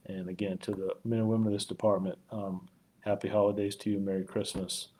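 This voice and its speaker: A man, a police chief, talking warmly and haltingly on a live community stream, choked up at times and full of fillers. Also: lowish voice, little pitch movement. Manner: heartfelt, rambling, frequent fillers. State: choked up with emotion.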